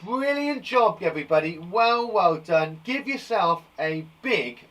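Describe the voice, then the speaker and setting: A man teaching a live online lesson for young children from a garden shed, upbeat and warmly encouraging, chatting with a puppet. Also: high-pitched, expressive, a little slow, distant mic, highs cut off, heavy background noise. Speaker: primary school teacher.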